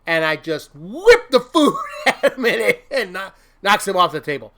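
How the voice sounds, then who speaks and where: A man's voice: high-pitched, big pitch swings, moderate pace, bright, forceful tone. A man hosting a casual motivational livestream, rambling and laughing often, breaking into silly mock-venting with made-up curses. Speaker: host.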